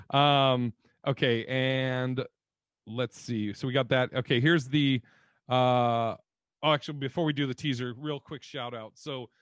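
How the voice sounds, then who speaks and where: A man's voice: mid-range voice, steady tone, unhurried, a bit bright, no room sound, dull audio. Chill guy cohosting a podcast, cusses a lot, laughs, dry close mic. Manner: rambling, laughing, swears freely. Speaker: podcast co-host. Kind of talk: casual chat.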